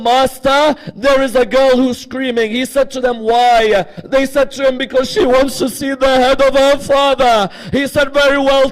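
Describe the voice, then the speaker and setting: A male preacher with a very high voice tells a mournful story to a live audience. He stops often to check in with the listeners. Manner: tells a grieving story, often asking the audience "correct?" and "yes?". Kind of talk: mourning sermon narration. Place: lecture hall with a live audience.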